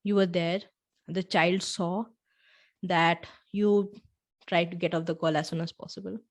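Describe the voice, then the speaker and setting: A woman with a slightly low voice hosts a reflective storytelling podcast. She walks the listener through a scene in the second person, unhurried and with gentle asides. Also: steady tone. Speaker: podcast host.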